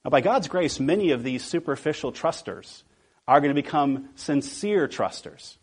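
A male pastor preaching a sermon, asking the congregation rhetorical questions and slowing down to stress key words. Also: a little high, animated, slightly rough.

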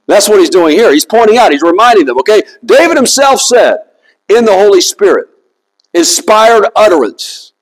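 High-voiced man preaching conversationally. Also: low-quality recording. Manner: conversational, emphatic, asks the congregation rhetorical questions. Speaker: pastor. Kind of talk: sermon.

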